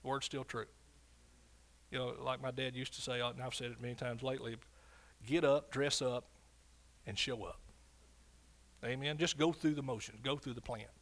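A man preaching a fervent sermon as pastor, swinging from loud shouts to quiet, low asides. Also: fairly even intonation, moderate pace, long pauses.

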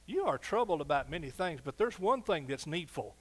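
A middle-aged man preaching a sermon as pastor, animated, swinging between soft asides and loud exclamations. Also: fairly high pitch, normal speed, creaky, breathy edge.

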